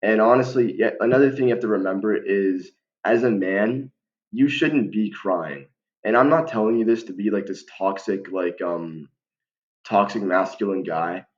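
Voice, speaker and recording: This young vlogger's voice sits on the low side and moves at normal speed as he offers life advice to the camera. Casual and slangy, he restarts sentences, uses lots of fillers and keeps saying "bro." The sound quality is dull lo-fi.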